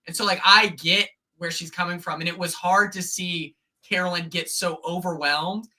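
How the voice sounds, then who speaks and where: A man guesting on a podcast, talking in an animated, rambling way that often breaks off mid-thought. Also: high voice, moderate pace. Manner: animated, rambling, self-interrupting. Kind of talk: casual chat.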